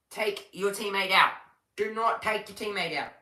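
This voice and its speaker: A woman's voice: medium pitch, measured pace, sharp tone, roomy sound, poor audio. A young woman giving casual live race commentary on a stream, chatting to viewers and reading the chat between calls.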